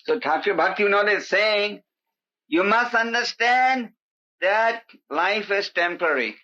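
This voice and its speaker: A man giving an animated sermon as a spiritual teacher, emphatic and pleading, acting out the voices he quotes. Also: high-pitched, a little slow. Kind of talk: sermon to a live gathering. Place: indoor hall with an audience. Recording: dull lo-fi tape recording.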